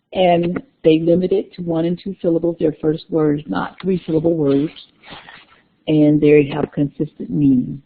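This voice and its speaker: Slow, gravelly woman lecturing a class. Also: on the low side. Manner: unhurried, repeats key terms, chatty asides to students. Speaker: university lecturer. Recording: tinny lo-fi lecture recording.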